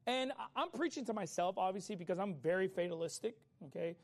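A man preaching a sermon in a casual, conversational way, acting out people's complaints and urging listeners to get up and act. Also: high-pitched. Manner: fast, animated delivery. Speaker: pastor.

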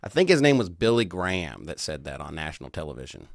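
A man's voice: rumbling low, big pitch swings, fast, creaky, no echo, clean studio sound, voice pushed down, full character voice. A man posing as a caller with a put-on Southern accent, drawling and questioning. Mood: earnest. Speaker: prank caller.

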